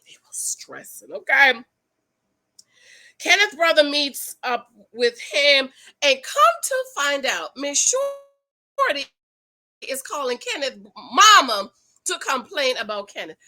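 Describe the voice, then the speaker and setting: A woman's voice: high voice, big pitch swings, measured pace, sharp tone, poor audio. A woman giving sassy, emphatic recap commentary on a reality show, talking straight to her viewers and repeating her points for effect.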